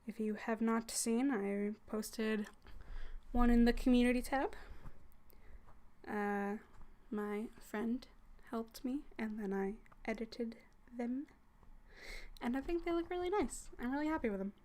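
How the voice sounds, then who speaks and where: A woman hosting a casual livestream chat as a hypnosis content creator, soft and teasing, often dropping into a whisper. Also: fairly high pitch, measured pace.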